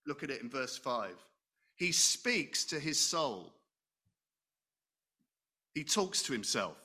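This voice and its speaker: Delivering a sermon in a conversational way, this middle-aged man speaks slowly in a sing-song, medium-pitched voice that's sharp and husky. He poses questions to the congregation and pokes fun at himself.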